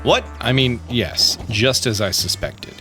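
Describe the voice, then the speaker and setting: A man voicing a pompous, self-assured male detective in a lowered, slow voice. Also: expressive, music in the background, natural voice.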